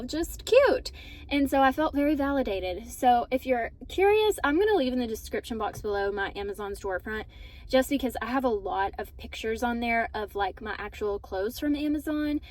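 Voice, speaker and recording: A woman's voice: a little high, a little mellow. A woman in her thirties, a mom vlogging in casual chat to the camera, gushing and chatty with lots of fillers.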